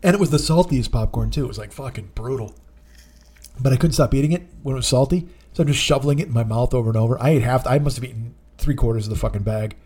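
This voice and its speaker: A man's voice: medium pitch, fast, a little mellow, breathy edge. A man telling a rambling, profane comic story in a casual podcast chat, acting out the people in it. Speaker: podcast host.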